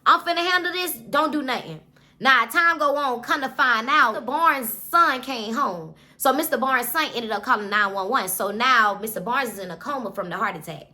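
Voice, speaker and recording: A woman's voice: on the high side, normal speed, few pauses, bright, forceful tone. A woman giving a casual, chatty recap of a novel, with lots of cussing and asides to her viewers. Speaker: book reviewer.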